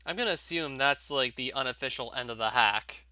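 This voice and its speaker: A man's voice: mid-range voice, a little fast, pushed and bright, clear, resonant tone. A young man giving casual, wry gameplay commentary, often laughing and reading on-screen text aloud. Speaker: let's play commentator.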